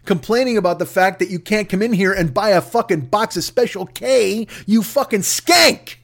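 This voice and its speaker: A man's voice: high voice, normal speed, creaky. A man delivering an angry, profane, mocking comedic rant.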